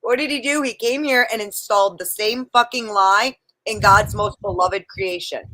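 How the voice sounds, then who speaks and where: A woman's voice: mid-range voice, normal speed, bright, forceful tone, no room sound, rough recording. A woman on a livestream panel, arguing religion firmly, quoting scripture and swearing now and then. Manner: firm, quotes scripture, swears. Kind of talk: casual religious debate on a livestream.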